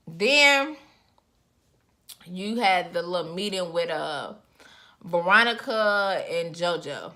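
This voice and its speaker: A young woman reviewing a reality show in casual, expressive chat, her voice jumping up in pitch as she reacts. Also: takes it slowly, pauses often. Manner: chatty, expressive, with sudden pitch jumps.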